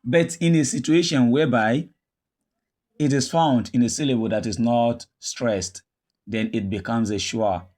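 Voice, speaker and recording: Slow, deliberate male English teacher. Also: medium pitch, darkish tone. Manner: slow, repeats each word several times for drilling. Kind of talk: pronunciation lesson.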